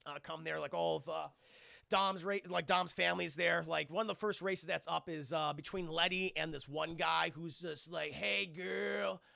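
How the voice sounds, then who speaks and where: A man casually recapping a film scene by scene for a live chat, animated and profane, acting out the characters. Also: a little high, normal speed, gravelly, no room sound, clean studio sound. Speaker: streamer reviewing a film.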